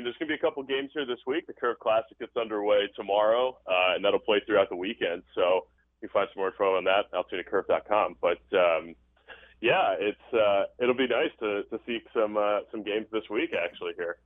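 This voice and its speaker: A man's voice: on the low side, fairly quick, dry recording. A man who works as a baseball play-by-play broadcaster, speaking easygoing and upbeat in a casual interview from a stadium press box. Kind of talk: casual interview over the phone. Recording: tinny phone line.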